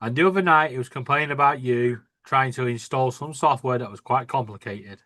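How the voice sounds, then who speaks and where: A man with a mid-pitched voice banters in a casual group chat. He teases the others and swears freely, and the sound is close and dry. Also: a little fast, sharp tone, no room sound. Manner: teasing, joking banter with swearing.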